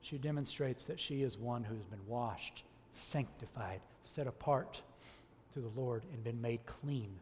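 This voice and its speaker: A man preaching a sermon as a church elder, impassioned and emphatic, rising to loud peaks and dropping low. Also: a little slow, long reverb tail, a little hiss or hum.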